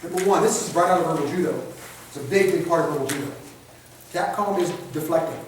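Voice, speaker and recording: A man with a high voice leads a training class in a casual, conversational way, throwing rhetorical questions at the room and slipping into quoted voices to act out scenes. He sounds set back from the mic, in a space that rings with heavy echo. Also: a little hiss or hum. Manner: acts out quick street scenarios in quoted voices. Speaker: instructor. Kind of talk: classroom lecture. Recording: echoey room, picked up from a distance.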